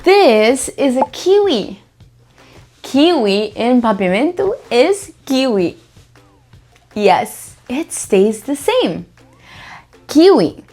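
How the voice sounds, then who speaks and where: A woman teaching vocabulary to toddlers, prompting children to repeat each word slowly after her. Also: fairly high pitch, big pitch swings, darkish tone, soft background music.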